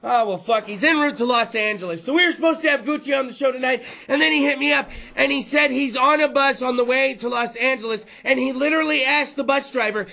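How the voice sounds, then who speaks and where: A man in his thirties hosting a rowdy live show at a bar. He talks loud and crude and rambles on with the crowd, in a very high, bright voice with some gravel in it. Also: quick pace, hardly any pauses. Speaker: host. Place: bar or venue with a live audience.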